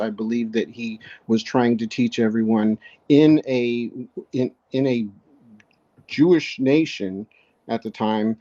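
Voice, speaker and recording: A man talks slowly and thoughtfully as a podcast guest, circling back and restarting his sentences as he works through an idea. His voice is mellow and dark, set at an ordinary pitch. The recording sounds dull and lo-fi. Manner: halting, reflective, frequent restarts. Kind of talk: casual conversation.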